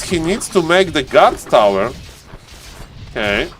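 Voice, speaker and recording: A man's voice: on the high side, very animated, takes it slowly, long pauses, fairly bright tone, slight background noise. A man casually commentating a live strategy game, chatting to viewers and players as he goes. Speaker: esports caster.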